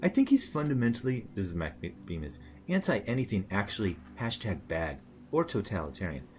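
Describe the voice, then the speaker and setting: Low-voiced sarcastic male commentator. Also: big pitch swings, brisk, a little mellow, slight background noise. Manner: sarcastic and rambling, with frequent fillers. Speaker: commentator reacting to online posts. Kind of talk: casual commentary monologue.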